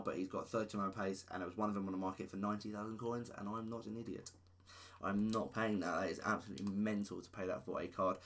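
A man's voice: fairly low pitch, a bit bright. A man giving casual gaming commentary, rattling off player stats with enthusiasm. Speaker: gaming YouTuber.

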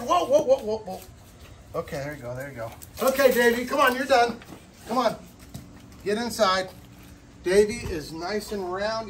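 A man who keeps a reptile zoo, excitedly narrating and coaxing animals as he feeds them after hours, often crying out "whoa". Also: very high voice, recorded from a distance, a little hiss or hum, rough recording. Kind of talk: casual vlog narration while feeding animals.

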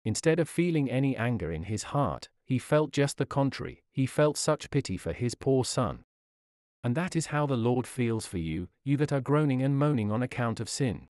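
A man reading a Victorian sermon in an earnest, formal preaching manner. His voice sits at an ordinary male pitch, and the recording is close and dry with no room sound. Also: lively intonation, moderate pace, a little mellow, no room sound. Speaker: sermon reader.

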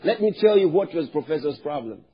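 A man from Nigeria preaching a sermon as pastor, animated, drawing responses from the congregation and rising to loud emphatic shouts. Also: a little high, fairly quick, dull audio, a little hiss or hum.

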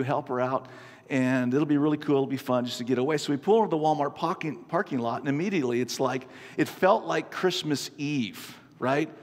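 A man in his fifties preaching a sermon, an animated, self-mocking storyteller. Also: a little high. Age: 50s. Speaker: pastor. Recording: long reverb from a large hall.

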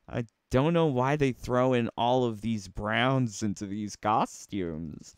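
A man's voice: medium pitch, clear, resonant tone, no echo, clean studio sound. A man giving casual, playful commentary on video game costumes, sassy and full of rhetorical questions. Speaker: gaming YouTuber.

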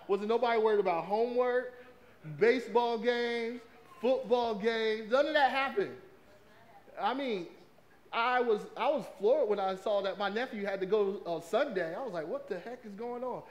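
A man delivers a sermon. His voice sits high for a man. He talks in a loose, conversational way and keeps asking the congregation questions. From American South. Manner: lively, conversational preaching with crowd prompts. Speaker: pastor.

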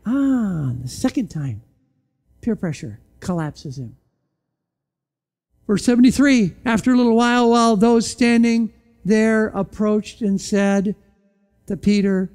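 In church, a pastor preaches unhurriedly and pauses often, his tone mellow and warm at a middling pitch. The sermon is animated and packed with pointed rhetorical questions, with abrupt drops to a hushed, low voice to stress key points.

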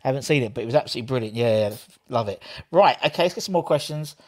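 A man's voice: mid-range voice, animated, rapid-fire, no echo, studio quality. A man hosting a casual live Q&A, reading out viewer questions and agreeing often. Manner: frequent agreeing interjections. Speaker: host.

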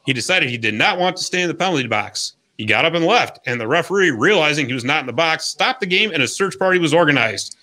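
A man's voice: fairly high pitch, animated, quick pace, few pauses, pushed and bright. A man hosting a hockey podcast, reading a scripted history segment in an upbeat, jokey storytelling way. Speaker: podcast host.

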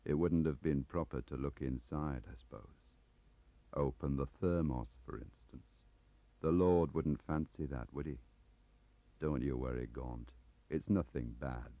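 A man voicing a quiet, menacing investigator who speaks in a soft, low monotone. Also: unhurried, gravelly, dry recording, heavily acted. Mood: quietly menacing. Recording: muffled tape audio.

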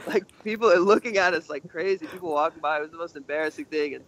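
A man's voice: a little high, quick pace, crowd noise. A young man, a guest in an interview, casually telling a story and acting out what others said. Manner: animated, acts out other people's lines in a raised voice. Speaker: interview guest, urban explorer. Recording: slightly muffled with faint noise.

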